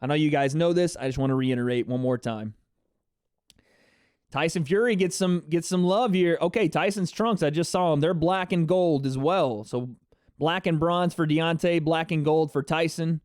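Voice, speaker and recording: A man hosts a live fight reaction stream, chatting excitably with his viewers. His voice is smooth and resonant and sits a little high for a man. The sound is dry and close. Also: normal speed, dry recording. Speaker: livestream host.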